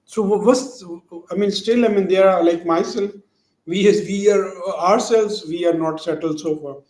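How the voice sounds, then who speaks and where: Man in his 40s stumbling through a question on a call, kinda high voice, echoey room. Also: normal speed, a little mellow. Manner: hesitant, many fillers and restarts. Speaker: audience member asking a question. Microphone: video call.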